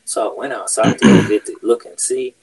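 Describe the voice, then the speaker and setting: A man's voice: fairly low pitch, a little fast, vocal fry, crowd noise, poor audio. A man hosting a podcast, telling a workplace story in casual, profane chat. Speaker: podcast host.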